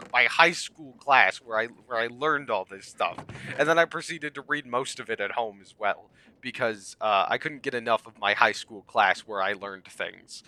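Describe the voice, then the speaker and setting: A man ranting to the camera, heated and sarcastic, swinging between yelling and muttering. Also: medium pitch, a little hiss or hum. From United States. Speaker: comedian vlogger. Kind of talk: comedic rant to camera.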